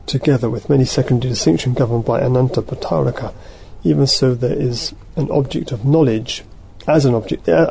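Halting, thoughtful male teacher. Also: mid-range voice, vocal fry, darkish tone, slight background noise, low-quality recording. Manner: halting, thoughtful, corrects himself mid-sentence. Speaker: teacher leading a study group. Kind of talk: reading a text aloud and explaining it.

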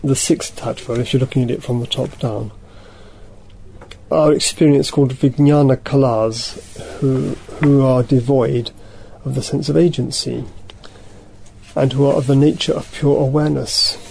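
A man of ordinary pitch leads a study group, reading passages from a text and unpacking them. He talks in a halting, thoughtful way and often stops to correct himself. A faint hiss sits under his voice. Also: fairly even intonation, gravelly, a little mellow, poor audio. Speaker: teacher leading a study group. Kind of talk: reading a text aloud and explaining it.

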